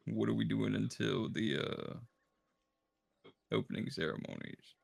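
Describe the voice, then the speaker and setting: A man's voice: fairly low pitch, measured pace, gravelly, husky, no room sound. A man playing a tabletop game, chatting and joking with his group. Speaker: player. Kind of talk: casual tabletop game chat.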